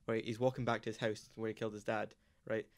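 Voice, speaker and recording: A young man co-hosting a casual film podcast, explaining a scene quickly and checking that the others follow. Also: on the low side, level tone. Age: young adult. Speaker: podcast co-host.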